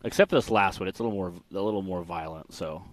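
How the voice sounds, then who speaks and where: A man's voice: low-pitched, quick pace. A man giving casual live commentary on an off-road race, chatty and joking, with restarts and fillers.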